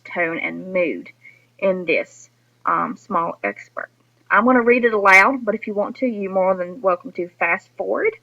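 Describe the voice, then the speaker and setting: A woman teacher walks her students through a recorded lesson, explaining each point patiently and speaking straight to them. Her voice is bright and clear in tone. The recording itself sounds a little dull and lo-fi. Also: medium pitch.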